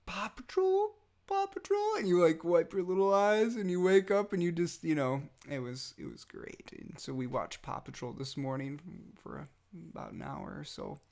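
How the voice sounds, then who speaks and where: A father speaking a heartfelt message to his toddler son, tender and halting, with many pauses and fillers, sometimes dropping almost to a whisper. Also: on the high side, vocal fry, darkish tone.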